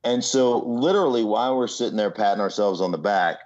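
A man, a guest in an interview, telling an animated story with frequent "right?" asides and mimicked voices. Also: on the low side, brisk. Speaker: guest, former football player and entrepreneur. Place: remote from home city. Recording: slightly muffled lo-fi audio.

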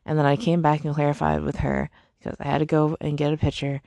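Young female podcast host, gravelly fry, close dry sound, casual ranting delivery with filler words. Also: low voice, level tone, quick pace, mellow, no echo. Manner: chatty, lots of "like", sighs and laughs, frustrated. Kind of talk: casual personal rant.

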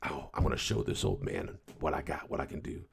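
A man's voice: extremely low pitch, lively intonation, a little fast, vocal fry, a little hiss or hum, pitched below the performer's own voice, full character voice. A man voicing a cocky young male Doberman who taunts an older dog in a brash way. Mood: taunting.

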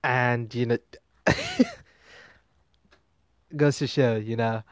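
A man's voice: medium pitch, fairly even intonation, very slow, smooth, no echo. A man hosting a music commentary show, talking casually and rambling with fillers and restarts. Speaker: podcast host.

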